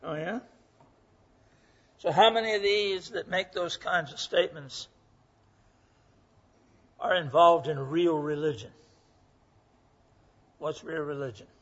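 In a muffled lo-fi recording, a man in his 80s speaks slowly in a slightly high voice, pausing often. His sermon is earnest and folksy, filled with stories, and he acts out the voices of those he quotes.

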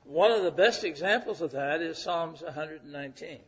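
A man's voice: a little high, moderate pace, husky. A man preaching a sermon as pastor, teaching by asking and answering his own questions. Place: church sanctuary. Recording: dull long-reverb church hall recording.

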